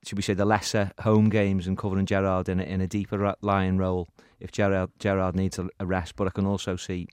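A man on a football podcast panel, speaking in a measured, thoughtful way with hedges. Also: low-pitched, level tone, darkish tone, smooth, dry recording, studio quality. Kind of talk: casual football chat.

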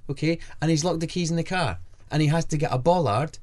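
A man's voice: on the high side, fast. A man co-hosting a radio podcast, joking and telling stories in casual studio banter. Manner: joking, animated storytelling. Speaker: radio co-host.

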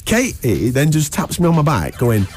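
Man, radio host, laughing storyteller, lively, slightly high voice, faint music underneath. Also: normal speed. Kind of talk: animated anecdote telling.

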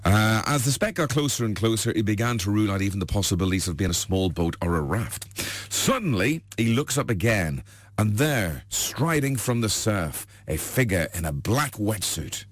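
A joke teller with a lowish, very animated voice spins long jokes at a moderate pace, passing them off as true stories. He rambles, uses plenty of fillers, and chuckles along, captured in a dry recording.

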